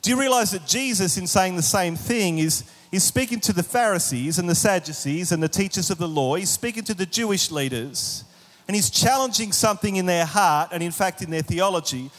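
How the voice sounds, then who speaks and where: A man preaching a sermon in an animated way, with humorous asides and acted-out voices. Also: high voice, brisk, long reverb tail. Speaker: pastor.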